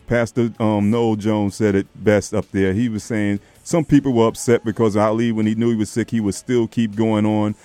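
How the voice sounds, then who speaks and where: A man's voice: fairly low pitch, normal speed, hardly any pauses, no room sound, faint music behind. A man hosting a live radio tribute call-in, talking affectionately and calling his callers baby and darling. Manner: affectionate, lively, calls people baby and darling. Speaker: radio host.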